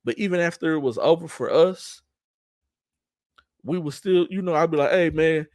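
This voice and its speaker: A man's voice: a little high, normal speed, darkish tone, dry recording, clean studio sound. A middle-aged man hosting a sports talk show, speaking in an emphatic, streetwise way with frequent restarts. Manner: emphatic, trash-talking streetwise delivery with repeated restarts. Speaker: show host and event organizer. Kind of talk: casual talk-show monologue.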